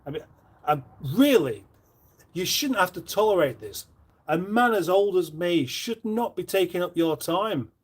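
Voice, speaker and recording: A man chats his way through a live stream from his kitchen, his voice sitting a little higher than most men's. He reads viewer messages aloud and answers them in a rambling, dry and self-mocking way. He sounds middle-aged and easygoing. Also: animated, a little slow, husky. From northern England. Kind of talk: casual live stream chat, reading out viewer comments. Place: home kitchen.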